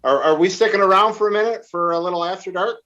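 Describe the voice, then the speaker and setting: A man's voice: high voice, fast, bright, forceful tone, dull audio. A man hosting a casual podcast, talking eagerly and at length. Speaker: podcast host. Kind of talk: casual chat.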